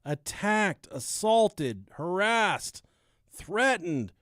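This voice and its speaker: Podcast co-host, male, slightly high voice, dry close sound, loose and profane storyteller. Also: animated, moderate pace, dry recording. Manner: laid-back, swearing, laughing at his own joke. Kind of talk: casual podcast chat and true-crime storytelling.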